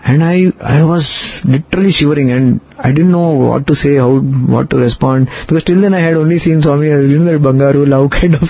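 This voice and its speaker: A man's voice: fairly high pitch, brisk, hardly any pauses, dry recording, highs cut off. A man, a Telugu speaker, recounting a personal story in an interview and acting out the quoted speech. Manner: animated retelling, acts out quoted speech. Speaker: interview guest.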